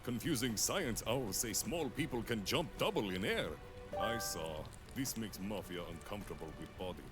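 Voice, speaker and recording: A man voicing a gruff male mafia goon in a put-on Russian-style accent, speaking in clipped, blunt broken phrases. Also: fairly low pitch, expressive, normal speed, music in the background, lightly acted. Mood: deadpan. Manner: clipped, blunt, article-dropping speech.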